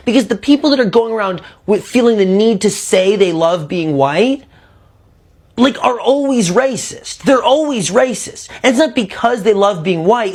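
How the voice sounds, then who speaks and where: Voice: mid-range voice, husky. A speaker with a mid-range voice delivers a casual commentary monologue. The talk is conversational and profane, built on one rhetorical question after another.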